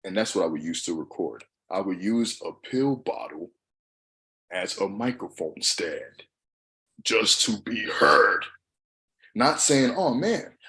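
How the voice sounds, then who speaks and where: Motivational speaker: young man, lively, bright-toned, shouts then drops low. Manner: passionate, swings from shouting to soft asides. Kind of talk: motivational monologue.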